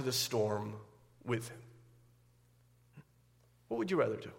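A man preaching a sermon as pastor, often repeating words as he builds, rising loud and high at key points. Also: big pitch swings, slow pace, creaky, big-room sound.

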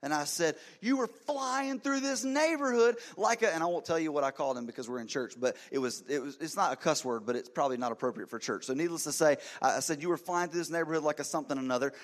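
Male pastor, thirties, sermon delivery with dramatic dynamics, mid-pitched voice, storyteller energy. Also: racing, hardly any pauses. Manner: animated storytelling, swings from hushed to loud. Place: church.

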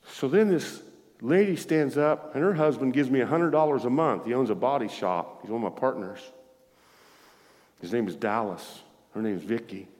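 A male pastor preaching in a church, telling a healing story with lively, acted-out dialogue and frequent laughter. His mid-pitched voice rings out with a long reverb trailing behind it. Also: moderate pace. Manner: animated, acts out dialogue, laughs often. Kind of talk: sermon storytelling.

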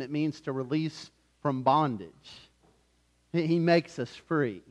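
A man preaching a sermon as pastor, swinging from loud urgency to hushed softness and telling stories in a conversational way with frequent restarts. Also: fairly high pitch, lo-fi sound. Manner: conversational storytelling with repeated restarts.

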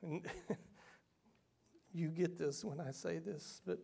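Male pastor preaching, earnest, goes loud then drops way quiet almost whispering. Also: a little high, steady tone, moderate pace, vocal fry, slightly rough. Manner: earnest, swings from loud emphasis to hushed near-whisper. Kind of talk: sermon.

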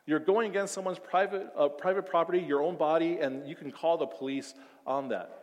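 A man preaching a sermon, acting out everyday scenes, swinging from loud outbursts to soft emphasis. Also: on the high side, fairly quick, big-room sound. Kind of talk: sermon with acted-out scenarios.

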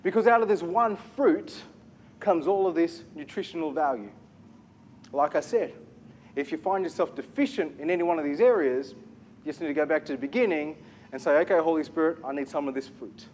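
A man preaching a sermon as pastor, animated, asking the congregation questions and repeating key phrases. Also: on the high side, moderate pace, slight background noise.

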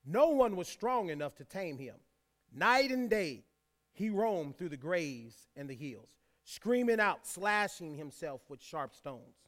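A pastor with a high-pitched, very animated, fairly bright voice preaches at an unhurried pace. He reads scripture aloud, repeats key lines for emphasis, and adds folksy asides to the congregation.

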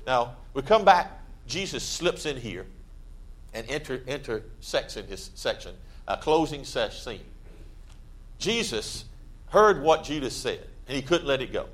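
A man preaching a sermon in a church, conversational and plain-spoken, with sudden loud emphatic bursts. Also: medium pitch, sing-song, unhurried. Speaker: pastor.

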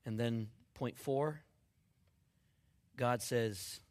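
A man preaching a sermon in a conversational, humorous way, dropping to near-whispers and then rising to excited shouts. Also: mid-range voice, very slow. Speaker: pastor.

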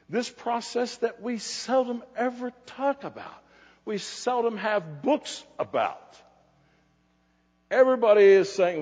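A pastor preaching a sermon, animated and emphatic at times, dropping to quiet asides at others. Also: male voice, high voice. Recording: dull lo-fi recording in a reverberant hall.

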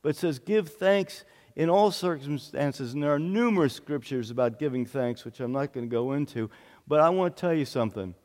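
A man's voice: medium pitch, animated, fast, a little mellow. Earnest man preaching in a reverberant hall. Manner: earnest, repeats phrases for emphasis. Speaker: pastor. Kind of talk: sermon.

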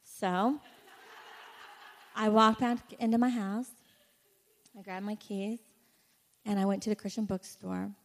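A woman speaker giving an animated personal testimony to a conference audience, full of "like" fillers. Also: medium pitch, slow pace, pauses often. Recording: echoey hall reverb.

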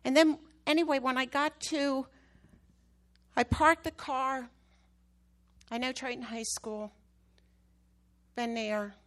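Vrouw die vurig een getuigenis preekt. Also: female voice, high voice, fairly even intonation, slow pace, pauses often. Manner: emphatic storytelling, rising loud at key moments. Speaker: preacher. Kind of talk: sermon testimony.

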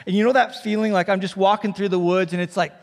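A male pastor preaching a sermon, telling lively stories, acting out quoted voices and dropping to a hushed near-whisper. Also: high-pitched, fast talker, in a large hall.

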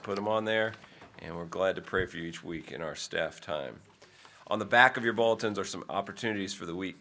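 A man reads out church announcements from the pulpit. His voice sits a little low but sounds bright and forceful. He talks in a folksy, conversational way and turns aside now and then to people in the pews. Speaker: pastor giving church announcements.

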